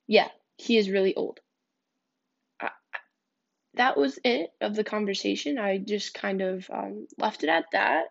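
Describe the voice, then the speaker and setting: Young woman with a gravelly vocal fry. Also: mid-range voice, a little slow, long pauses. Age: young adult. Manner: candid, blunt, swears freely. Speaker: podcast host. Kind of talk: casual storytelling podcast. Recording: dull lo-fi recording.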